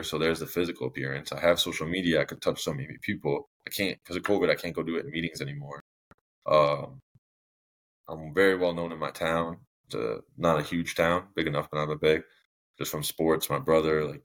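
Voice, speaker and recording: A man's voice: a bass voice, a bit bright. A young man speaking as a podcast guest, telling his story in a casual, rambling way with many fillers and restarts. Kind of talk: candid personal storytelling.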